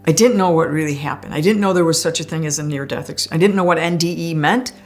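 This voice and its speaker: A woman's voice: low voice, fast talker, soft background music. A woman telling her own story in a conversational way, often laughing as she speaks. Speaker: guest sharing a near-death experience. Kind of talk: personal storytelling.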